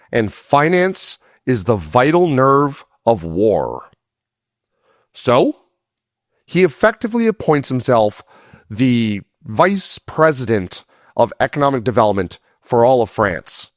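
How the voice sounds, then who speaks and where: A man narrating a history series, reading a script with a conversational touch and casual asides. His pace is slow and measured, and his pitch swings widely for emphasis. The sound is dry and close. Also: sing-song, dry recording.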